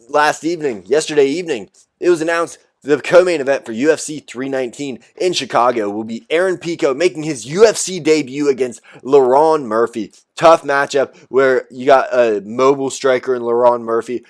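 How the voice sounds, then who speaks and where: Guy doing a laid-back fight recap, blunt and chatty, middle pitch. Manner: casual, blunt, chatty with fillers. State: out of breath. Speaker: podcast host recapping fights. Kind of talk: solo recap commentary.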